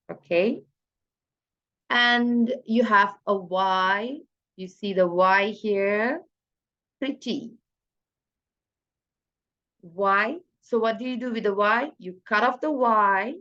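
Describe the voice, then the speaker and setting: A woman's voice: mid-range voice, fairly bright tone, muffled recording. A woman teaching a grammar lesson, asking her class questions and then answering them herself. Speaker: English teacher.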